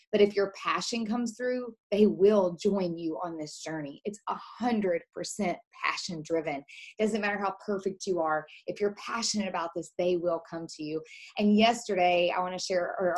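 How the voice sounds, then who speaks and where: A middle-aged woman leading a team call as a health coach, giving an emphatic, passionate motivational talk. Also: fairly low pitch. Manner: passionate, emphatic, addresses listeners as guys.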